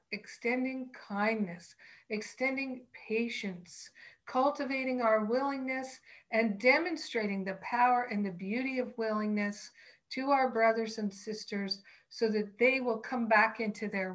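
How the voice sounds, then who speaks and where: A woman's voice: fairly high pitch, rough recording. Earnest woman giving a spiritual teaching. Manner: slow, earnest, emphatic phrasing.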